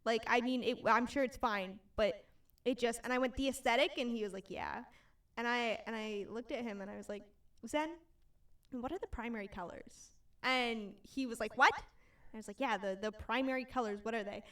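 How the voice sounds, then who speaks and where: Chatting casually as a podcast co-host, this young woman tells lively stories full of giggles. Her voice is on the high side at a moderate pace, picked up by a distant mic.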